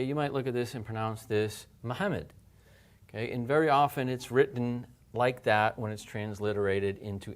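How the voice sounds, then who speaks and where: Male teacher, middle-pitched voice, patient and explanatory. He repeats example words slowly. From English-speaking. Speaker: language teacher. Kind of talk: recorded lesson.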